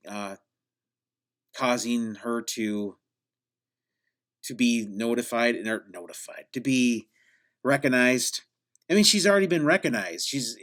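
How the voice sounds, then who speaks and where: Solo podcast host, man, sarcastic and deadpan, rambles with frequent restarts. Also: mid-range voice. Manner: mock-grandiose hype at the opening.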